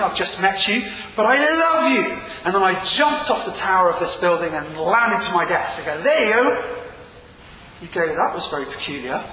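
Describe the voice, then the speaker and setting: A man's voice: on the high side, noisy background. A middle-aged man preaching a sermon in a church hall, telling the story with energy and acting out quotes. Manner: lively, animated storytelling with acted-out quotes. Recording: echoey hall with long reverb.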